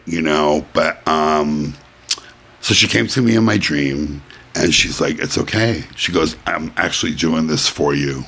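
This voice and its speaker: A man's voice: rumbling low, fairly bright tone. A middle-aged man hosting a casual home podcast, rambling and chatty, full of "basically" and "you know". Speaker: podcast host. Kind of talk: casual chat. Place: white-furnished room at home.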